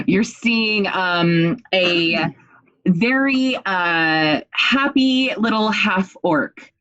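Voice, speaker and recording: A woman's voice: mid-range voice, expressive, drawn-out words, fairly bright tone, no room sound, highs cut off. A woman playing a tabletop game, describing her character cheerfully with many hesitations. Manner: cheerful, hesitant, filler-heavy. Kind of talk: in-character role-play chat.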